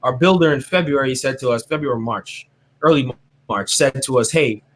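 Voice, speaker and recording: A man being interviewed, telling his faith story in a casual, animated way. He often tags his sentences with "right?" and acts out what other people said to him. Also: medium pitch, brisk, a little hiss or hum. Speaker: interview guest.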